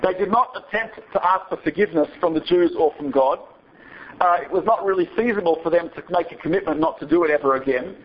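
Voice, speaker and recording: A man's voice: a little high, fast talker, slightly rough. A male rabbi telling a story to his students in a digressive, chatty lecture, often checking in with a rhetorical "right?". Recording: dull lo-fi recording.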